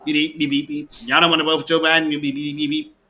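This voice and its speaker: A man's voice: on the high side, little pitch movement, quick pace, bright, forceful tone. A man voicing a fawning man who begs a politician for money, in a taunting sing-song. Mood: mocking.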